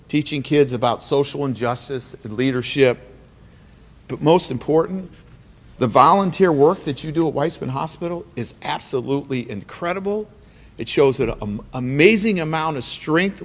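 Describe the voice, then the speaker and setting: A man speaking as guest speaker at an awards dinner, earnest and emotional, with a preacher-like cadence and repeated phrases. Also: medium pitch. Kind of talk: emotional motivational speech. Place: banquet hall. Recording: long hall reverb.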